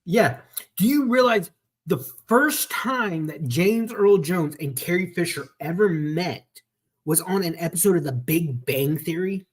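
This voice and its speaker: Husky-voiced man telling rambling stories. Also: high-pitched, expressive, unhurried. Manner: rambling anecdotal storytelling. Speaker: podcast host. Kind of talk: casual chat. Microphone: video call.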